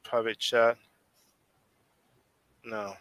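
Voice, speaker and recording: A man's voice: medium pitch, little pitch movement, extremely slow, a crowd in the background, low-quality recording. A man with a French accent hosting a casual live stream discussion, rambling and often restarting his sentences as he thinks aloud. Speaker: host.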